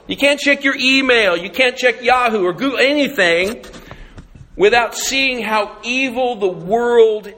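A man's voice: high voice, pushed and bright. A man preaching a sermon, telling a story about his day in a plain conversational way before leading a group reading of scripture. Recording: echoey hall with long reverb.

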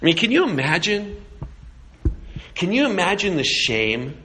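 A man's voice: sits high, very animated, measured pace, pushed and bright, a little hiss or hum. A man preaching a sermon, telling a story with animation and asking rhetorical questions. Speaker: pastor.

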